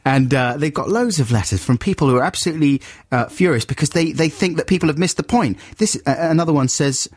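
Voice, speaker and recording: A man hosting a radio show, chatting casually in an animated way and laughing often. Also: fairly high pitch, fast talker, hardly any pauses, no room sound, clean studio sound. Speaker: radio host.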